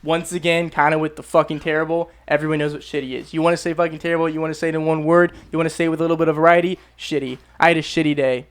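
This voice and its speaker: A man's voice: on the high side, flat delivery, very fast, few pauses. A young American man explaining English words in a casual vlog, emphatic and repetitive, swearing freely. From United States. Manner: emphatic, swears freely, repeats phrases for stress. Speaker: YouTube English teacher.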